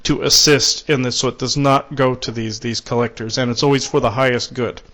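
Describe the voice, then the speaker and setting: Man, mid-pitched voice, call-in show host, halting, relays messages. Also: fairly even intonation, bright, forceful tone. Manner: halting, many fillers and restarts, relays messages. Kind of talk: call-in spiritual talk show.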